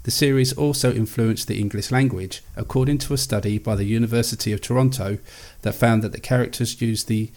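A man's voice: medium pitch, steady tone, fairly quick, hardly any pauses, a little mellow. A man hosting a podcast who reads trivia aloud steadily and then chats easily. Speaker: podcast host. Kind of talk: casual chat and reading facts aloud.

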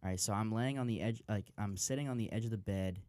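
A man's voice: lowish voice, fast, darkish tone, dry recording. A young man telling a story in casual chat, laid-back and laughing as he goes.

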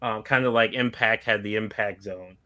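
A man's voice: on the low side, steady tone, moderate pace, pushed and bright. A man hosting a casual podcast, rambling through a wrestling recap with many fillers. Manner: rambling, full of "like" and "um".

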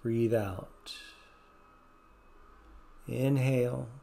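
A man leading a guided meditation, giving slow, gentle, soothing instructions. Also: medium pitch, creaky.

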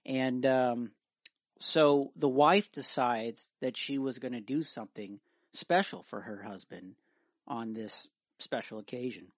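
A young man co-hosting a podcast, rambling through a story with plenty of ums and false starts. His voice sits at an ordinary pitch and sounds dry and close. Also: no echo. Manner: halting storyteller with many fillers. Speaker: podcast co-host. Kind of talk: casual chat.

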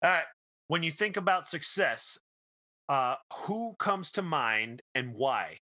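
Bright-voiced man hosting a podcast. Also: on the high side, lively intonation, slow. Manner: asks questions, brief backchannel replies. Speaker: podcast host. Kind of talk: casual chat.

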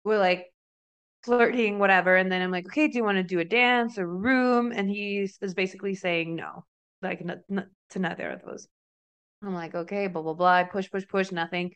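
A young woman from Mexico co-hosting a podcast, telling stories in a casual, animated way and acting out the dialogue. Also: mid-range voice, normal speed, smooth. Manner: chatty, animated storyteller who acts out quoted dialogue. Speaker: podcast co-host. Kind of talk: casual chat, storytelling.

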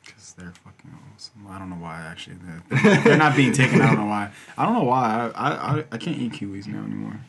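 A young man co-hosting a casual, profane chat with friends, loose and quick to laugh. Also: on the low side, animated, gravelly. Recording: faint background noise.

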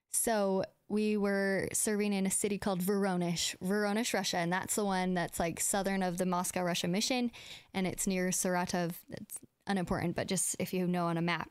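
Chatty young woman, smooth voice. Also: medium pitch, no room sound, clean studio sound. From United States. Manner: chatty, fills speech with "like", acts out quoted dialogue. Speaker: podcast host. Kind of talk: casual personal storytelling.

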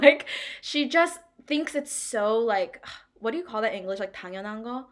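A woman's voice: fairly high pitch, animated, fast talker. A young woman co-hosting a podcast, talking in a heartfelt, rambling way with lots of "like". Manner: heartfelt, rambling, heavy use of "like". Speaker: podcast co-host. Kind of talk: casual chat.

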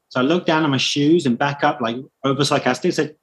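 A man's voice: on the high side, fast talker, breathy edge. A man with a British accent, casually telling a long story as a guest and acting out the voices of people he met. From Britain. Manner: animated anecdote telling, acting out quoted voices. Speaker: guest runner.

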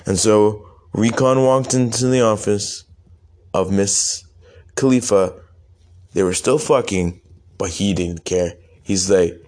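A young man improvising a rambling, profane comic story, with halting restarts. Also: on the low side, darkish tone.

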